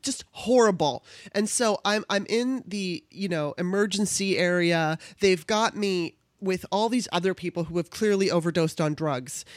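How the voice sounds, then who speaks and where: A woman's voice: fairly low pitch, dry recording, clean studio sound. A woman from Southern California telling a personal story in casual chat. She acts out the voices of the people in it and laughs as she goes.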